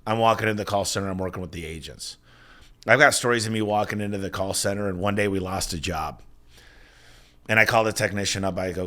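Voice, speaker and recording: A man in his forties, a business owner telling stories as an interview guest in an energetic, emphatic way. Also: sits low, quick pace. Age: 40s. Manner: energetic, emphatic storyteller with frequent restarts. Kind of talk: casual interview talk.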